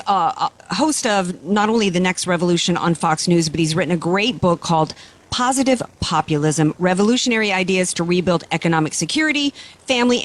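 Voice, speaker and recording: A woman hosting a talk radio show, speaking emphatically with repeated phrases and frequent restarts. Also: fairly low pitch.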